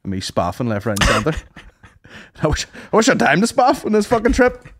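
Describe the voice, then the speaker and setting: A man's voice: fairly high pitch, wildly swooping pitch, a little fast, a bit bright, dry recording, clean studio sound. A man co-hosting a podcast, telling rambling, sweary anecdotes in casual chat and acting out what people said. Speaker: podcast co-host.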